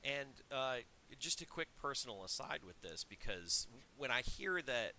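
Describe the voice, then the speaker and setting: Bright-voiced male podcast co-host. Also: mid-range voice, very animated, unhurried. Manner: storytelling, chatty with restarts. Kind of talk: casual chat.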